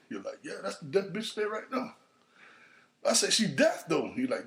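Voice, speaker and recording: Animated, gravelly man telling crude stories. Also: moderate pace. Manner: animated, profane, acts out quotes in higher voices. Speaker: podcast host. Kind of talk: casual storytelling monologue.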